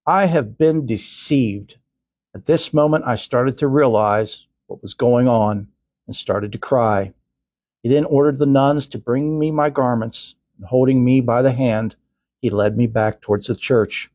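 A man's voice: medium pitch, a little slow, a little mellow, no room sound. An older male podcast host reading a story aloud, with earnest, chatty asides.

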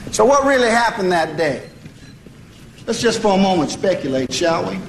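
A Southern prosecutor in a film, laying out his theory with a measured drawl in a fairly high voice. The room sounds roomy, with clear ambience behind him. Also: very animated, slight background noise, full character voice. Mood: speculative.

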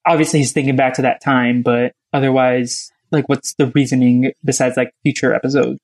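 A man's voice: mid-range voice, flat delivery, brisk, a little mellow. A man co-hosting a casual podcast, chatty and questioning, with lots of "like" fillers. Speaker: podcast co-host. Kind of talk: casual chat.

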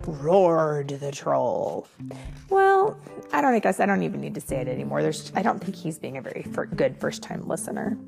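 A woman's voice: sits low, very animated, measured pace, gravelly, over music. A woman reading a fairy tale aloud to a child with playful, chatty asides to the listener. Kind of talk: playful read-aloud storytelling.

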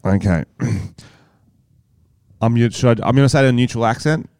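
A man's voice: medium pitch, a little slow, clean tone, no echo. A man co-hosting a podcast, crude and joking in casual chat. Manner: crude, joking, animated storytelling. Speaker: podcast co-host.

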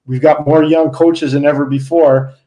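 A man's voice: fairly high pitch, level tone, normal speed, dark tone, rough recording. A man co-hosting a podcast, stating his opinions earnestly and with emphasis. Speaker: podcast host. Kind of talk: casual chat.

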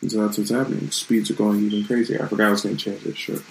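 A man's voice: lowish voice, little pitch movement, rapid-fire, vocal fry, a little hiss or hum, poor audio. A man hosting his own channel, talking in a loose, rambling and reflective way in a casual live-streamed vlog from his room at home.

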